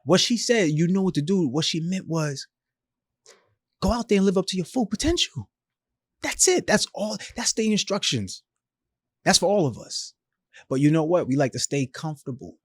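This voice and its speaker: Animated fairly high-voiced storytelling man. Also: moderate pace, long pauses, husky, no echo, studio quality. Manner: animated, emphatic, slangy, acts out quoted voices. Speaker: podcast guest. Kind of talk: storytelling in a casual interview.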